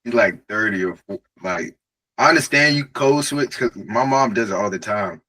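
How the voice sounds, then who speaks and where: A man's voice: on the low side, animated, normal speed, bright, forceful tone, breathy edge, poor audio. A man from the community asking questions in a casual chat, laughing easily and following up eagerly.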